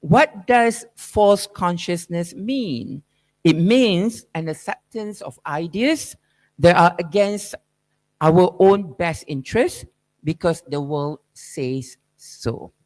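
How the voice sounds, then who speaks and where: With a high, expressive voice and a slow delivery, a man lectures as the keynote speaker at an academic event. He leans on rhetorical questions and "right?" tags to hammer home his points in a probing, emphatic manner.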